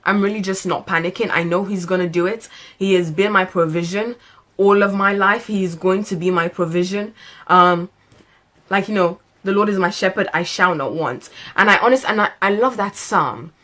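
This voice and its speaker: A woman's voice: mid-range voice, fairly even intonation, normal speed, a bit bright. A woman in her late twenties, a lifestyle vlogger chatting to camera, who laughs often, stretches words for emphasis and drifts into preaching. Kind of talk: casual chat to camera.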